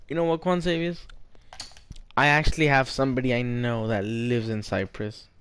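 A man's voice: medium pitch, fairly even intonation, moderate pace, fairly bright tone, clear, resonant tone. A young man in game voice chat, telling mock-serious tall tales and playfully trolling a stranger while he plays, stretching out the other player's name. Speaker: gamer.

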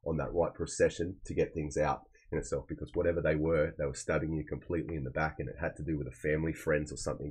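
Man, very low voice, dark husky tone, rambling tarot reading, keeps saying okay. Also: low-quality recording. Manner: rambling, repeats phrases, often adds "okay?". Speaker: tarot reader. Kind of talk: casual spoken tarot reading.

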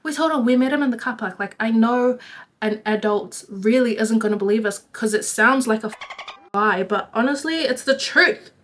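A young woman with a slightly high voice tells a story to her vlog viewers. She talks casually and animatedly, with "like" peppered all through her sentences. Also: normal speed, a little hiss or hum. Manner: chatty, animated, lots of "like". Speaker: vlogger.

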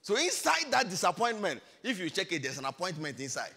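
A man preaching a sermon as pastor, swinging between hushed asides and loud, shouted exhortation. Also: high-pitched, wildly swooping pitch, fairly quick, slight background noise. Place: large church hall. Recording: church hall reverb.

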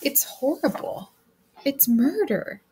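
A woman's voice: high voice, sing-song, slow pace, dark tone, slight background noise, pitched above the performer's own voice, heavily acted. A woman voicing an anxious wife who pleads with her husband in a raised, distressed voice. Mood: pleading.

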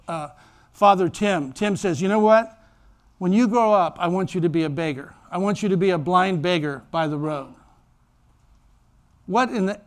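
A man preaching a sermon in church as pastor, telling stories animatedly and acting out voices. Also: sits high. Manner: animated storytelling, acts out voices.

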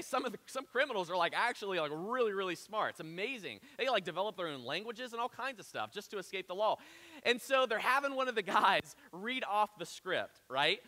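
A man's voice: high voice, bright, forceful tone, long reverb tail. A man preaching a sermon to his church, telling stories in a chatty, conversational way with asides. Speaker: pastor. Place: church auditorium.

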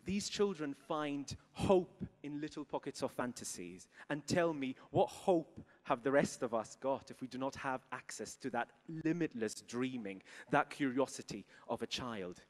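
A man, a composer presenting his musical in an earnest, enthusiastic showcase pitch. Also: measured pace, few pauses. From Malta.

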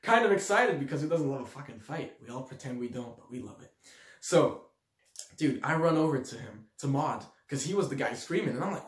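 A young man from Switzerland telling a story to his audience in a slangy, animated way, acting out the quotes loudly. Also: medium pitch, a little fast. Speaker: vlogger. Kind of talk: storytelling to camera. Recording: echoey room.

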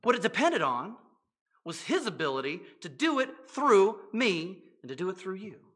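A man's voice: high-pitched, sing-song, moderate pace, fairly bright tone, husky. A male pastor preaching a sermon in a church, talking to the congregation in a conversational way with rhetorical questions and playful asides.

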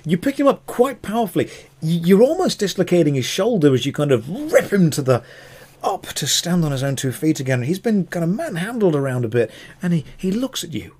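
A man's voice: on the high side, animated, a little fast, a little mellow, slightly rough. A man narrating a tabletop game as dungeon master, playful and teasing.

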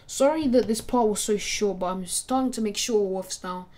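A woman's voice: mid-range voice, moderate pace, a little mellow. A woman casually narrating a fan story in a slangy, profane, rambling way.

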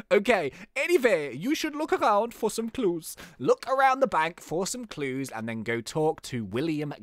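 A man's voice: sing-song, moderate pace, few pauses, fairly bright tone, no echo, clean studio sound. A young man giving jokey, playful commentary while playing a game. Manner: playful, jokey, laughs at own jokes, wildly swinging pitch. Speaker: gaming YouTuber. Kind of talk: casual gameplay commentary.

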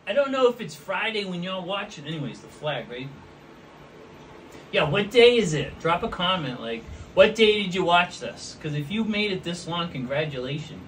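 A man's voice: high-pitched, big pitch swings, normal speed, fairly bright tone, recorded from a distance, slight background noise, rough recording. Goofy rambling man, off-mic. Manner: goofy, rambling, talks to viewers. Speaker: host painting pots. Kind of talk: casual chat while painting. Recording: voice from away from the mic.

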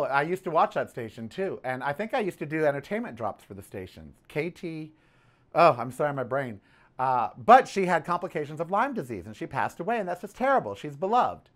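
A man hosting his own podcast, talking in a sassy, chatty way about the news and his day, often calling listeners "honey.". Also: medium pitch. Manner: sassy, animated, says "honey" and "okay". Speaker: podcast host. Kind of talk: casual political commentary.

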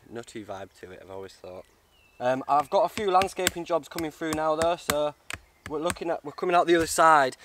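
A man's voice: mid-range voice, fairly bright tone, a little hiss or hum. Guy, casual outdoor vlog, heartfelt and chatty, woodland sounds behind. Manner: chatty and heartfelt, says mate. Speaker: bushcraft vlogger. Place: woods outdoors.

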